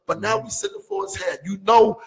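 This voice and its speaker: Gravelly, husky, emphatic man. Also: sits high, fairly quick, long reverb tail, rough recording. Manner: animated, emphatic, rhetorical questions. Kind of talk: casual sports talk.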